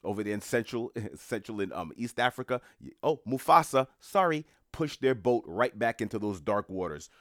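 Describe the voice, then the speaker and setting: Low-voiced man musing to his viewers. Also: brisk, few pauses, no room sound, studio quality. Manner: rambling, musing, mocking asides with laughs. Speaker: commentator. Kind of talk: casual monologue to viewers.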